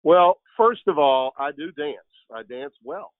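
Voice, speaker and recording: A man's voice: on the high side, expressive, measured pace, no room sound. An older man, a guest broadcaster, telling rambling, jokey stories in casual chat over the phone. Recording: tinny dry phone line.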